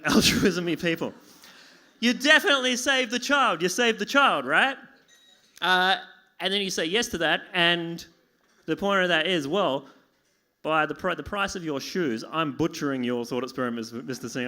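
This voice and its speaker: A bright, high-voiced male comedian from Australia performs stand-up at a moderate pace for a live audience in a small pub. His humor is self-deprecating, and he acts out dialogue with sudden yelps and pleading.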